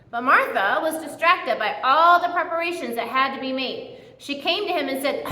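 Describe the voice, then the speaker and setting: A woman giving a casual, conversational sermon in a church, telling the story in a chatty and animated way. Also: high voice, normal speed. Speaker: speaker giving a church message. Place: church hall. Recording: echoey hall with long reverb.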